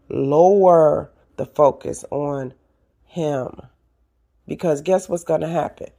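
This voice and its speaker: A seasoned woman hosting an advice podcast, talking straight to her listeners in an animated, preachy way. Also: lowish voice, creaky. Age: older. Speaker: podcast host. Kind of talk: casual advice talk.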